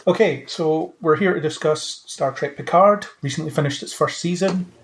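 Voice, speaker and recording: A man's voice: fairly high pitch, normal speed, slight background noise. A man hosting a podcast, opening with a playful scripted intro and then chatting casually with his co-hosts. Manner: playful, jokey sci-fi banter. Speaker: podcast host.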